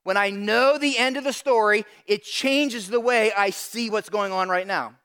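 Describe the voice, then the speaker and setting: A middle-aged man with a high voice preaches a sermon. He tells stories in an animated way and talks straight to the congregation in front of him. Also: normal speed, clean tone. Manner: animated storytelling, addresses audience directly. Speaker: pastor.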